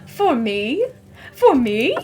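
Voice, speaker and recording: A woman voicing a small, prim, scheming dog in a game, with a high, breathy voice. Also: big pitch swings, extremely slow, a little mellow, a little hiss or hum, heavily acted. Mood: eager.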